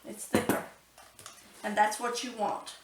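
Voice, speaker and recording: A woman's voice: mid-range voice, level tone, unhurried, reverberant, far from the mic, noisy background. A woman hosting a cooking channel, talking through a recipe step by step and exclaiming with delight.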